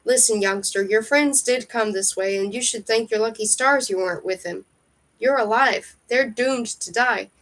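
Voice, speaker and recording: A woman doing a hushed, hissing skeletal ferryman. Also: a little high, moderate pace, lightly acted. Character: huge skeletal male ferryman, gruff and secretive.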